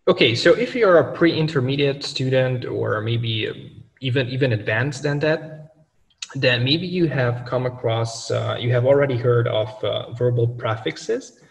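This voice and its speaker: A man's voice: medium pitch, measured pace, vocal fry. A male language teacher in a video lesson who talks through grammar methodically and backs every point with examples. His voice sits in a middle register and comes from some distance away in a room with a long, ringing reverb. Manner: methodical, explains with worked examples.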